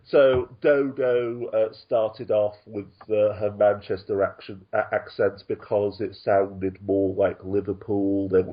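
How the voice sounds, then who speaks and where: A man's voice: lowish voice, little pitch movement, takes it slowly, hardly any pauses, muffled recording. A man co-hosting a casual podcast chat over an online call, laughing often and restarting his sentences. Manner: chatty, laughs often, frequent ums and restarts. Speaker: podcast co-host.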